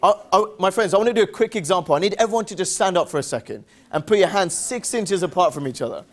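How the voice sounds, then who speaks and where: High-pitched, upbeat English man presenting. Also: animated, quick pace. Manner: upbeat, drills the crowd with call-and-response questions; playful, teasing jokes. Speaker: seminar presenter. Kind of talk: interactive motivational seminar talk.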